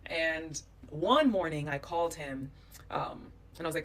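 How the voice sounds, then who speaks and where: A woman's voice: low voice, lively intonation, normal speed, distant mic. A woman from the United States telling a travel story in a vlog, animating it with quoted voices. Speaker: vlogger recounting a trip.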